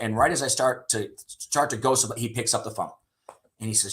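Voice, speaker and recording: A man's voice: mid-range voice, fairly quick, a bit bright. A middle-aged man, a sales leader and guest on an interview show, telling stories candidly and often ending points with "right?". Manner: candid, swears casually, frequent "right?" tags. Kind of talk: storytelling interview talk.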